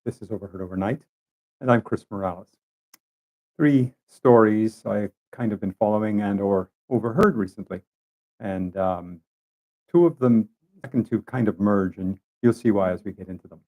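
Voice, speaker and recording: A man's voice: on the low side, normal speed, mellow. A man hosting his own show, telling stories in a casual, conversational way with asides to his listeners. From Canada. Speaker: podcast host. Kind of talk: casual monologue storytelling.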